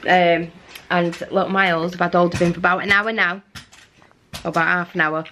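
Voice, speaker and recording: A woman's voice: on the low side, a little slow. A woman with a Manchester accent chatting casually to the camera in a vlog, rambling and laughing often. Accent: Mancunian. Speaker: vlogger. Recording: loud background noise.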